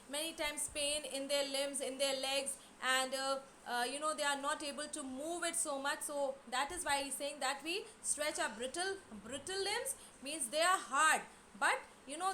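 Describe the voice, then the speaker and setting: A middle-aged woman talks a class through a text, high and bright in tone. She pauses often with fillers and repeats phrases as she explains. Faint background noise sits under her voice. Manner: explains slowly with many fillers and repetitions. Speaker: English teacher.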